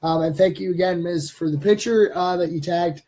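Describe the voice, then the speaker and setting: Husky mellow-voiced man hosting a live stream. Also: high-pitched, moderate pace. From Canada. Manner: rambling with many fillers. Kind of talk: casual live stream chat.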